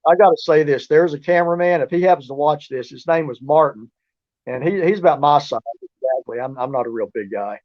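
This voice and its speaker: A man's voice: on the high side, lo-fi sound. Rambling man telling stories. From southeast Oklahoma. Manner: rambling, with many restarts and fillers. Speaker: guest, researcher and author. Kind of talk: casual storytelling interview.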